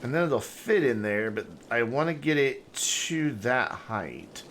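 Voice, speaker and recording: A man's voice: medium pitch, animated, a little slow, fairly bright tone, a little hiss or hum. A man streaming a city-building game, chatting casually and thinking aloud as he plays, his sentences rambling and trailing off. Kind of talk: casual live gameplay commentary.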